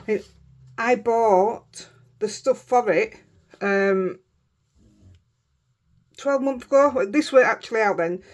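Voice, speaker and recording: A crafting vlogger from Yorkshire, England, with a Yorkshire accent, rambles excitedly through a casual show-and-tell. Her voice is on the high side, and she speaks slowly with long pauses.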